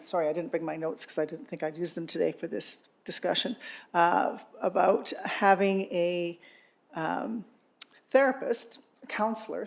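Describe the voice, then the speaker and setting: A woman councillor speaks up in a council meeting, her voice slightly low and gravelly. She is chatty and enthusiastic, stringing thoughts together with fillers. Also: a little mellow. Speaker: county councillor.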